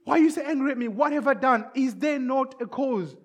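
A man's voice: high-pitched, moderate pace, a bit bright. A man voicing a confident young shepherd boy in a raised, eager voice. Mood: pleading. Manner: eager, pleading, boastful.

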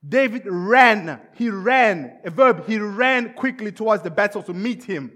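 A man's voice: high-pitched, lively intonation, moderate pace, pushed and bright. A man preaching a sermon with emphatic repetition, acting out scenes as he goes.

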